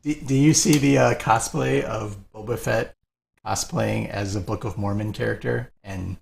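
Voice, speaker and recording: A man's voice: on the low side, steady tone, moderate pace, gravelly, slight background noise. A man co-hosting a live painting stream, chatting casually, laughing often and greeting viewers by name.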